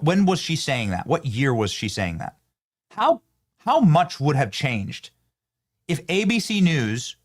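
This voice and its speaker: A man hosting a political commentary show, talking emphatically with sarcastic rhetorical questions. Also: a little high. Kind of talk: opinionated commentary.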